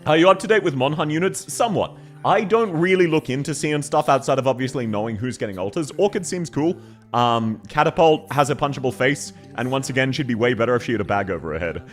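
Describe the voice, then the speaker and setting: A man's voice: mid-range voice, expressive, fast talker. A man streaming live, chatting casually and getting flustered, laughing often as he rambles. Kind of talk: casual livestream chat. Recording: faint music behind.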